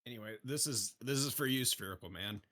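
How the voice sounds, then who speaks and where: A man's voice: mid-range voice, fairly quick, pushed and bright. A man co-hosting a live stream, joking around and chuckling in casual chat.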